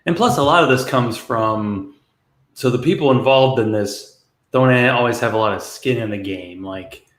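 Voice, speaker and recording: A man co-hosting a casual podcast, rambling and hedging, with soft laughs. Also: medium pitch, normal speed. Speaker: podcast co-host. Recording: echoey room.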